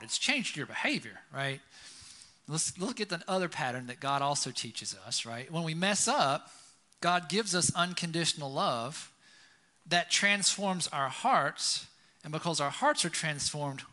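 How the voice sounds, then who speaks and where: Bright-voiced man preaching conversationally. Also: a little high. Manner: storytelling, keeps asking "right?". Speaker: pastor. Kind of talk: conversational sermon.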